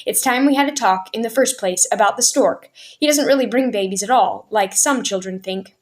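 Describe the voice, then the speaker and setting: A woman reading as a calm, gentle mother. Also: fairly high pitch, a little fast, lightly acted. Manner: calm and reassuring.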